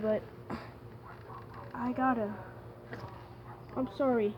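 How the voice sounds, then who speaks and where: Vlogger woman with a slightly high voice, pleading softly and apologetically, recorded on a dull lo-fi phone outdoors. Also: normal speed. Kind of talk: casual talk to an animal. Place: outdoors by a house door in the cold. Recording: lo-fi phone audio with noisy outdoor background.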